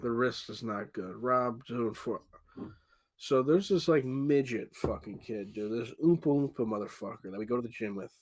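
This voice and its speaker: Animated, profane podcast storyteller man. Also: medium pitch, normal speed. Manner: animated, profane, acts out quotes. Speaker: podcast co-host. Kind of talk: casual storytelling chat.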